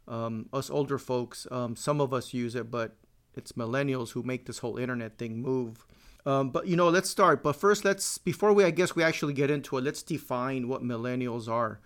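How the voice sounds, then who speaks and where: A man in his forties runs a loose, solo podcast monologue. He jokes, swears constantly and slips in Spanish words as he talks. His voice sits at an ordinary middle pitch for a man. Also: a bit bright, clear, resonant tone. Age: 40s. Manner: profane, joking, drops Spanish words. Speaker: podcast host.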